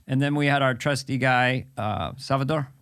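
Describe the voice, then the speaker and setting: Man, sixties, podcast host, middle pitch, playful banter, quick impressions. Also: fairly bright tone, smooth. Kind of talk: casual comedic chat.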